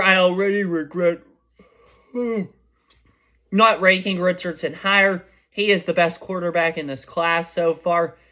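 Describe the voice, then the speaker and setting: Chatty and excitable, the young podcast host offers offhand sports picks in a high voice, regularly backtracking to fix what he's saying mid-sentence.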